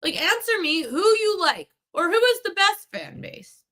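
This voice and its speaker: A woman's voice: very high voice, sing-song, measured pace, pushed and bright. A woman hosting a sports betting podcast, ranting heatedly at a commenter in a live chat. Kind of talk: live-stream betting talk.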